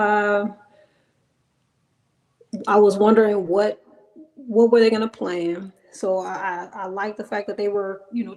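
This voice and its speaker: A woman's voice: mid-range voice, a little mellow. Hesitant woman in an echoey room. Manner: hesitant, many fillers. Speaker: guest reviewer. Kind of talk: casual chat.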